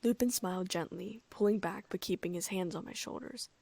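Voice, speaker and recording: Husky, soft-spoken woman reading a story. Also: on the low side, brisk, no room sound. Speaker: audiobook narrator. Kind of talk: first-person fan fiction audiobook reading.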